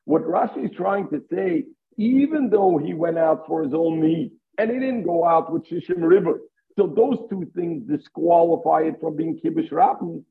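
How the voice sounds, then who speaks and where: A man's voice: fairly high pitch, moderate pace, vocal fry. A man giving a Talmud lesson, explaining step by step and weaving Hebrew and Aramaic terms into his English. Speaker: Talmud teacher. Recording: tinny phone-line audio.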